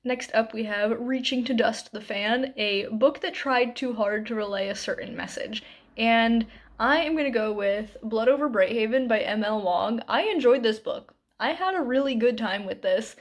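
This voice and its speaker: Chatty, bright-voiced woman book vlogger. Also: a little high, normal speed. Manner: chatty, upbeat, lots of "like" and "um". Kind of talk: casual chat to camera.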